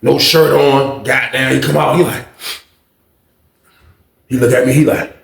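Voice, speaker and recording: A man telling a story in a casual, animated, profane way, full of repetition. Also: mid-range voice, a little slow, gravelly, roomy sound, crowd noise.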